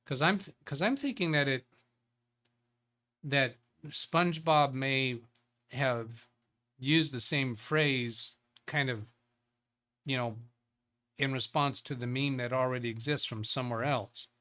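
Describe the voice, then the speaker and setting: Bright-voiced man rambling on a tech livestream. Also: mid-range voice, slow pace, long pauses. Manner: thinks aloud, rambling, chuckles at chat. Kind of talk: casual live tech show, reading chat.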